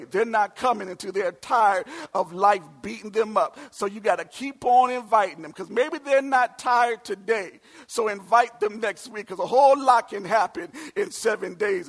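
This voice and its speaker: A man in his forties preaching a sermon, calling out to the congregation and swinging from soft asides to shouted lines. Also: high-pitched, normal speed. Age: 40s. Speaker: pastor.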